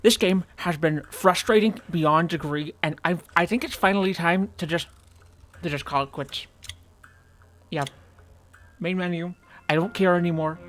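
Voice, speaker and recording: A man's voice: fairly high pitch, fairly bright tone. A man with a slightly raised voice talks through a game playthrough at his computer desk, and he keeps ranting in frustration and muttering to himself. Faint music plays under his voice. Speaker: gaming channel host. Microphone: desk microphone.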